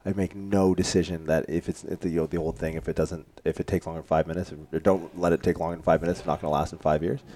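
Deep voiced canadian dude, blunt, swears a bit. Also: male voice, little pitch movement, fast, hardly any pauses, mellow, slight background noise. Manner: blunt, profane. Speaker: podcast co-host. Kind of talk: casual podcast conversation.

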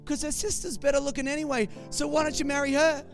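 A man's voice: very high voice, little pitch movement, quick pace, gravelly, faint music behind, voice pushed up. A man voicing a blunt, tactless middle-aged father-in-law who speaks in an offhand, matter-of-fact way.

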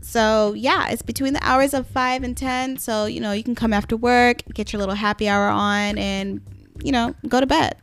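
A young woman hosting a casual podcast, raspy and getting over a cold, chatty and casually swearing as she talks to her listeners. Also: on the high side, fairly even intonation, moderate pace, soft background music. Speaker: podcast host.

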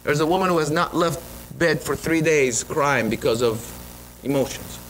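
A man's voice: on the high side, moderate pace, slight background noise, rough recording. A male pastor preaching a sermon, telling a story with lots of energy and frequent restarts. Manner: animated storytelling with repeated restarts. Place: church sanctuary.

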